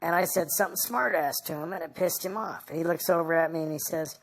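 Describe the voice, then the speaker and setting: A woman being interviewed, recounting a personal story in a halting, rambling way. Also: on the low side, expressive. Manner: halting and rambling, full of "you know".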